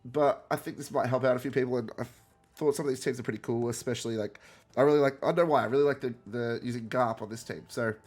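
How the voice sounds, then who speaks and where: A man's voice: medium pitch, fairly even intonation, quick pace, darkish tone, faint music behind. Nasal, sick man rambling through game commentary. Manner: rambling, self-correcting, chatty. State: sick with a cold. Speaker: gaming content creator. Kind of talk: casual gameplay commentary.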